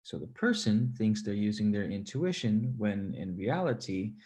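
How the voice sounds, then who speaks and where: A man hosting a casual livestream, reading viewer comments aloud, animated and swearing freely as he talks. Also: lowish voice, moderate pace. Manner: animated, swears freely, laughs between points.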